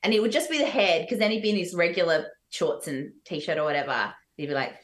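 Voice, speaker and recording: A woman with an Australian accent, a podcast guest, chatting casually and telling animated stories about stage work. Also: on the low side, fast. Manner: animated storytelling with laughs. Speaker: guest, musical theatre actress.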